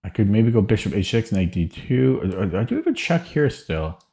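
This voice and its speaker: A man streams a chess game and thinks out loud, hesitant, often stammering or repeating words as he gives live-stream commentary. His voice sits on the low side with a dark tone, and his delivery is brisk and sing-song.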